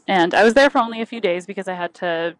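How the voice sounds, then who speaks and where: A woman's voice: mid-range voice, fast talker, low-quality recording. A woman chatting casually as a podcast co-host, laughing often. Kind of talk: casual chat.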